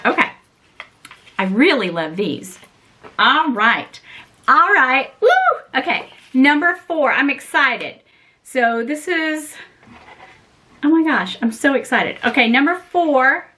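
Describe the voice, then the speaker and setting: A woman's voice: high-pitched, pushed and bright, slight background noise. A woman vlogger unboxing gifts in a casual chat, gushing and sentimental, often breaking into laughter. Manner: sentimental and emotional.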